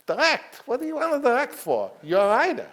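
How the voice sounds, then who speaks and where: A man's voice: extremely high pitch, wildly swooping pitch, brisk, a bit bright, voice pushed up, exaggerated voice. A man putting on a fussy little old male studio mogul who talks in clipped, broken phrases and repeats his words. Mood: insistent.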